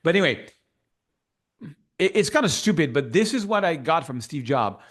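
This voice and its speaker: Animated French-accented man telling his story. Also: a little high, normal speed. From France. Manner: animated storyteller who acts out remembered dialogue. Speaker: guest. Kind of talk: casual interview storytelling.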